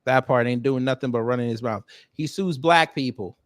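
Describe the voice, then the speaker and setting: A man's voice: mid-range voice, normal speed, no room sound. Man drawling wry reaction commentary. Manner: wry, drawling asides between read-out comments. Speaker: reaction video host.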